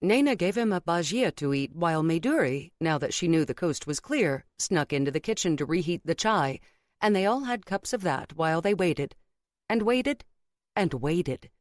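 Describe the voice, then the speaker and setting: In this scripted audiobook narration, a woman with a fairly low-pitched voice tells the story at a measured, steady pace. The studio recording is clean and free of echo.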